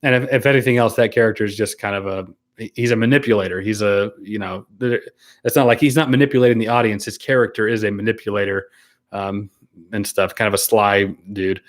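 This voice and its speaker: A man's voice: fairly low pitch, fairly even intonation, fairly quick. A man hosting a casual live stream, reading viewer comments aloud and answering them in an easygoing, hesitant way. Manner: easygoing, hesitant, many ums and restarts, laughs often.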